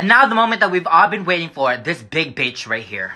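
A man's voice: sits high, animated, a little slow, hardly any pauses, sharp tone, shouting. A young man vlogging casually, sassy and profane, with dramatic shrieks and gasps. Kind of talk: casual vlog chat.

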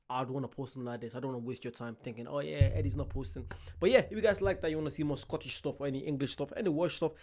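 A young man hosting a casual reaction vlog, excitable and loud, often breaking into laughter. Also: a little high. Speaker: reaction vlogger.

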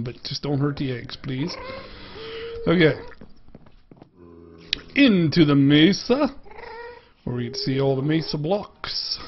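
A man's voice: fairly high pitch, highs cut off, slight background noise. A man with a Pittsburgh accent giving casual gameplay commentary as a game reviewer, chatting playfully to the animals he passes.

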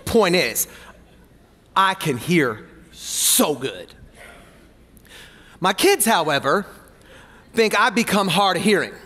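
A man preaching a sermon as pastor, playful and animated, joking with the congregation between points. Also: high voice, slow, long pauses, long reverb tail. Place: church hall.

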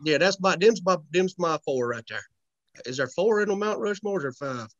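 A man's voice: high-pitched, expressive, brisk, dry recording, muffled recording. A young man, chatting as a comedy guest in a laid-back, joking, folksy way. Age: young adult. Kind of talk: casual podcast chat.

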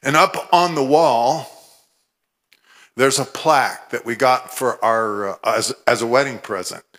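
A man from Oregon giving a humorous, animated testimony sermon, with scripture recited fervently. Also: medium pitch, unhurried. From Oregon, USA. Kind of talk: storytelling sermon.

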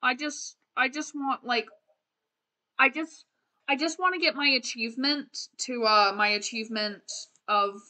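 Young female streamer, bright higher voice, rambling playful game chatter. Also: unhurried. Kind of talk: casual gameplay commentary.

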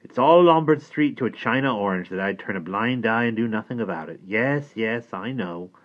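A man's voice: fairly low pitch, animated, normal speed, pitched above the performer's own voice, natural voice. A man playing a shrewd, easygoing older tradesman who talks in a folksy way. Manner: folksy, chuckling dismissiveness. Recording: tinny phone-like sound.

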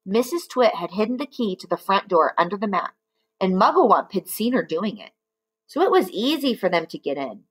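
A woman reading a children's book aloud, expressive and with chatty asides to her listeners. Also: medium pitch, moderate pace. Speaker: storybook reader.

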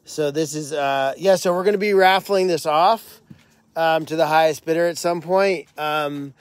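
A man with a fairly high voice hosts a casual live stream from an animal sanctuary at night. He talks with eager enthusiasm and rambles through lots of fillers. The sound comes from a handheld phone outdoors. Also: normal speed, no echo.

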